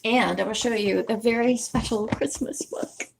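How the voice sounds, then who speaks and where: A woman's voice: on the high side, steady tone, moderate pace, gravelly, background noise. A woman hosting a book-reading channel, chatting casually and rambling to her viewers and laughing at herself. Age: young adult or older, has owned a bookmark since the nineties. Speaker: channel host who reads books aloud.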